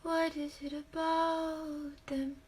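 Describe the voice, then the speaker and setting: A woman singing impressions of female pop singers, with a breathy voice and sliding notes. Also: high voice, flat delivery, slow, darkish tone, pitched above the performer's own voice. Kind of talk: sung impressions.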